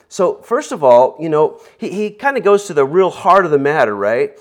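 A man's voice: fairly high pitch, big pitch swings, normal speed, hardly any pauses. A man preaching a conversational sermon in a rambling way, full of fillers, asides and jokes. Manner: rambling, filler-heavy, joking.

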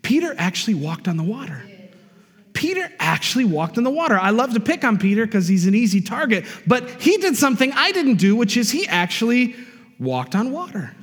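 A man's voice: sits high, very animated, brisk, slightly rough. A male pastor preaching a sermon with emphasis, breaking off for "amen" and "come on" asides to the congregation. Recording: long reverb of a hall.

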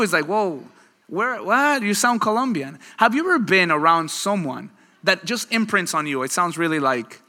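Guy preaching a sermon, kinda high bright voice, talks with the crowd a lot, big echoey church hall. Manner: conversational, animated preaching with audience back-and-forth. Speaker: pastor. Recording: long hall reverb.

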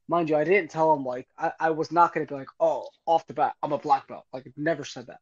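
A man telling a casual story on a podcast, animated and acting out both sides of it. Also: a little high, fast talker, hardly any pauses. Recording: muffled lo-fi audio.

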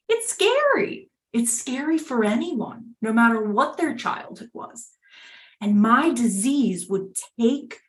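Slow, frank young woman in a roomy space. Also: medium pitch. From New York, US. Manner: frank and casual, heavy on "like" and "you know", swears freely. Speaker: recovery program member sharing her story. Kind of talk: candid personal share. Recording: roomy echoey sound.

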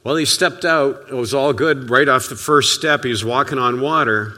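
A man preaching a sermon as a pastor, telling stories in a conversational way and often dropping to a soft, quiet voice. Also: mid-range voice, normal speed, long reverb tail. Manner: conversational, storytelling preaching with sudden soft drops.

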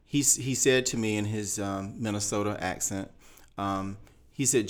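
Earnest low-voiced male principal. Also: a little fast. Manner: earnest, animated when quoting others. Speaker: school principal, guest. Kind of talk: podcast interview.

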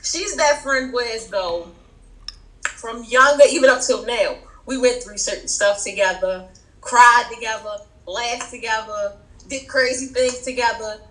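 A woman with a high voice chats as a podcast guest. She tells personal stories with energy, slipping into her friends' voices as she goes. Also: a little slow, roomy sound, low-quality recording. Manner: animated storyteller, acts out friends' voices. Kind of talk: casual chat.

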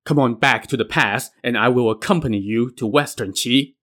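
A man's voice: mid-range voice, moderate pace, a bit bright, lightly acted. A man voicing a loyal general who pleads and argues urgently, in a told story. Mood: pleading. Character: loyal, pleading male general, a sworn brother.

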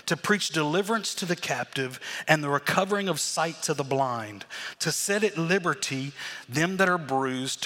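A man preaching a sermon as pastor, animated, acting out the crowd's voices. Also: on the high side, long reverb tail.

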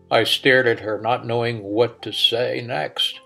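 A middle-aged man reads his own story aloud in a reflective, unhurried voice at a middle pitch. When he quotes himself, he stammers and halts. Soft music plays faintly behind him. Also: steady tone, gravelly. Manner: reflective, with a halting, stammering delivery. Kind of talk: reading a personal story.

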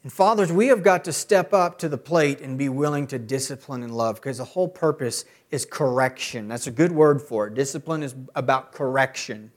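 A middle-aged man preaching a sermon as a pastor. He often builds to loud, emphatic peaks. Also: medium pitch, moderate pace, hardly any pauses.

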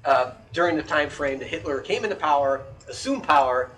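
A man's voice: fairly high pitch, expressive, brisk, fairly bright tone. A man hosting a casual podcast chat, ranting animatedly and swearing a lot.

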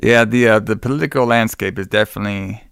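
A man's voice: fairly low pitch, fast, gravelly, fairly bright tone, clean tone, no room sound, studio quality. A man co-hosting a podcast in casual chat, blunt and swearing freely. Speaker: podcast co-host.

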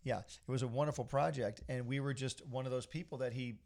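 Gravelly, upbeat man hosting a podcast. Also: medium pitch, steady tone, brisk, darkish tone. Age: middle-aged. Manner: upbeat, rambling, motivational. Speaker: podcast host. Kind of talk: casual podcast chat.

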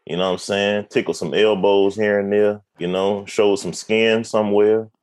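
A man's voice: on the low side, steady tone, normal speed, a little mellow, dry recording. A man co-hosting a podcast in casual chat, joking around and acting out voices. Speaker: podcast co-host.

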